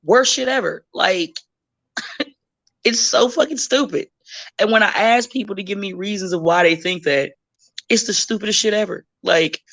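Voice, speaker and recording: This professional wrestler, interviewed casually as a guest, has a mid-range voice with gravel and vocal fry. Swearing freely and talking straight, she brings her anecdotes to life by mimicking the people she quotes.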